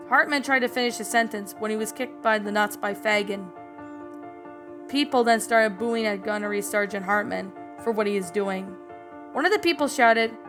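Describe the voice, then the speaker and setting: A woman's voice: mid-range voice, moderate pace. A woman reading a fan story aloud in a casual way with a few slips, adding her own comments. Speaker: story narrator and reviewer. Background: background music.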